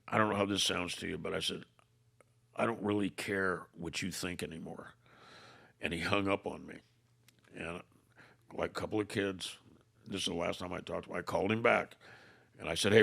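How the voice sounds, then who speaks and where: An older man, a podcast guest, telling a story by acting out both sides of an old argument, with halting restarts. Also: low-pitched, creaky, bright, forceful tone. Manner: retells arguments through quoted dialogue, "I said", "I go". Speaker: podcast guest, former motorcycle club leader. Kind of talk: storytelling in conversation.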